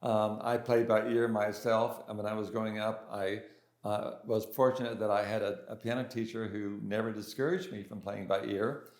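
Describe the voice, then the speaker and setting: A man's voice: on the low side, fairly even intonation, normal speed, darkish tone. An older man, a pianist and composer, being interviewed and telling his story in a casual, hesitant way with many restarts and fillers. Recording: roomy echo.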